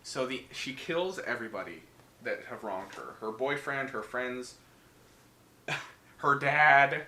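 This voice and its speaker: A man co-hosting a podcast, telling horror movie plots in casual, profane, animated chat. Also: medium pitch, slow. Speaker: podcast co-host. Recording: echoey room with faint noise.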